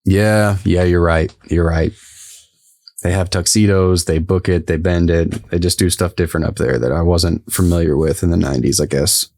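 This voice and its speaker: A man's voice: sits low, steady tone, moderate pace, a little mellow, dry recording, studio quality. A man co-hosting a podcast, recapping a TV episode in casual, rambling chat and laughing easily. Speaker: podcast co-host.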